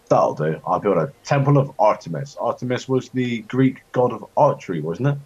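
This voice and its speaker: Rambling man, husky, lo-fi. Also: expressive, normal speed, few pauses, darkish tone. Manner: rambling, joking, jumps to high-pitched outbursts. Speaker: co-host of a gaming chat show. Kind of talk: casual chat while playing a strategy game. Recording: dull lo-fi home recording.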